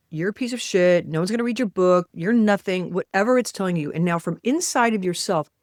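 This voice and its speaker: A woman's voice: lowish voice, no room sound, studio quality. A woman author as an interview guest, leading a guided exercise in an emphatic, blunt manner and swearing freely. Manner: animated, acting out voices in quotes.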